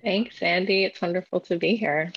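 A woman guest, a sex educator, speaking in a calm, measured and reflective way in an interview. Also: lowish voice, lo-fi sound, a little hiss or hum. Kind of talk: interview answers.

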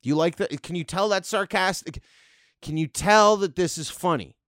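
A sarcastic man in his thirties rants through a comedic podcast monologue, swearing freely as he rambles from one jab to the next. His voice sits a little high for a man and sounds smooth and resonant. The sound is dry and close, with no room around it. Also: moderate pace, a bit bright, no echo. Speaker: podcast host.

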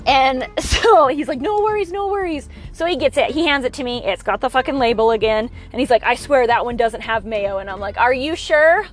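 High-voiced woman telling profane stories. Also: fairly quick, few pauses, faint music behind. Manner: profane storyteller, acts out both sides of a story. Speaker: podcast co-host. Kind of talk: casual chat.

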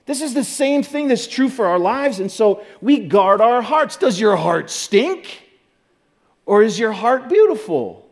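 High-pitched guy preaching, chatty, keeps asking the crowd stuff. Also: sing-song, a little slow. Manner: conversational, asks the audience questions, demonstrates with props. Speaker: pastor. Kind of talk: sermon. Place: church stage.

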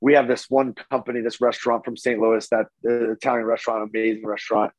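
As a podcast guest, a man tells a story casually and animatedly, his voice jumping up when he gets excited, and he swears freely. He talks fast at medium pitch, with no room sound and poor audio quality.

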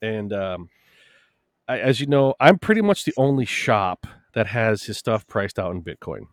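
A man on a casual podcast telling stories from his shop, animated and talkative, swearing casually. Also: moderate pace, no room sound, studio quality. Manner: animated storyteller, swearing casually, lively rises in pitch. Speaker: podcast co-host, shop owner.

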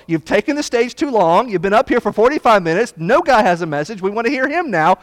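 A man preaching a Bible study sermon, blunt and folksy, swinging from loud emphasis to hushed asides. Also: high voice, big pitch swings, a little fast, hardly any pauses, no room sound.

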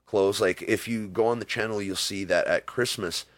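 Deep-voiced man telling rambling stories. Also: steady tone, normal speed, no room sound. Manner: rambling storytelling with acted-out quotes. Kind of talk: casual interview talk.

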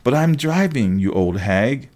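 A man's voice: mid-range voice, expressive, unhurried, a little mellow, natural voice. A man voicing a bickering, blind old crone who drives a taxi, with a complaining, wailing tone.

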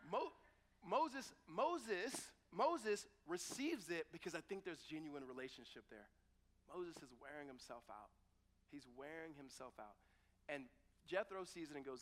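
Man, pastor, sermon, conversational retelling, fairly high voice, long hall echo. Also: moderate pace. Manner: conversational, animated retelling with quoted dialogue. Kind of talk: sermon with Bible reading.

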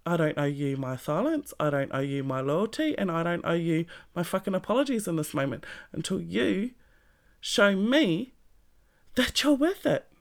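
A creaky, gravelly voice delivers a blunt motivational monologue, swearing freely and pressing the listener with direct questions. The pitch sits in a middle register, and the delivery stays emphatic and plain-spoken throughout. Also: very animated, moderate pace. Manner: speaks straight to the listener with pointed questions. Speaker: self-help vlogger.

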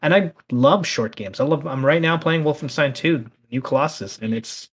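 A man hosting a casual podcast chat, talking in animated, heated rants. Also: on the high side, moderate pace, slightly rough. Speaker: podcast host.

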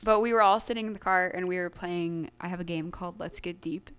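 A woman co-hosting a podcast in an easygoing chat. Her voice is quite bright and a little low in pitch. She tells stories in a chatty way, with fillers scattered through her speech. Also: quick pace, clean tone. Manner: chatty storyteller, many fillers. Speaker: podcast co-host. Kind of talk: casual chat.

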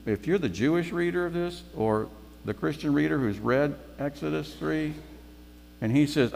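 A man's voice: on the high side, a little slow, creaky, in a large hall, a little hiss or hum. A man giving a sermon as guest preacher, conversational, repeating phrases for emphasis.

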